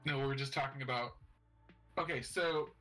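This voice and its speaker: A man's voice: mid-range voice, moderate pace, bright, forceful tone, soft background music, low-quality recording. A man co-hosting a casual podcast chat, teasing and playfully acting offended. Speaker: podcast co-host.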